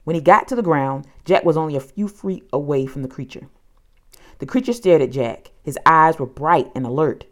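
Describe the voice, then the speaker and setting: A woman narrating a children's audiobook with an expressive storytelling delivery. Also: deep voice, normal speed.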